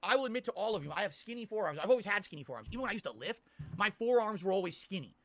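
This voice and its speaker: A man's voice: high-pitched, big pitch swings, rapid-fire, a bit bright. A man ranting on a stream, complaining insistently and asking "okay?" again and again.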